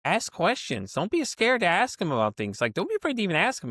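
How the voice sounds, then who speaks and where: A man's voice: high-pitched, big pitch swings, fairly quick, few pauses, a bit bright, no echo, clean studio sound. A man hosting a podcast interview, talking bluntly and rambling with lots of fillers and the odd curse. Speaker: podcast host. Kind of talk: casual conversational interview.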